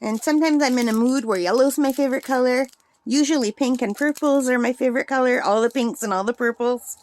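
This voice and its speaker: A woman's voice: high-pitched, brisk, darkish tone. A middle-aged woman talking casually and rambling as she works on a craft vlog, laughing often. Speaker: craft vlogger.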